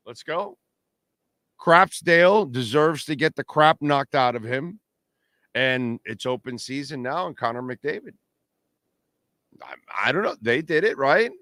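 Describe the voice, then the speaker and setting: A brash, trash-talking middle-aged man hosts a postgame sports show. His voice is smooth and resonant, and it sounds close and dry with no room around it. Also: a little high, pushed and bright, dry recording. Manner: brash, trash-talking, reads sponsor plugs and super chats. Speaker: sports talk show host. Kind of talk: casual postgame livestream talk.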